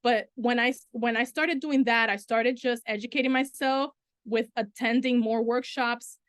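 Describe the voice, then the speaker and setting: A middle-aged woman from the Dominican Republic, a Spanish teacher speaking on a panel and telling her story with lively quoted dialogue. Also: fairly high pitch, moderate pace, dry recording, studio quality. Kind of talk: panel discussion.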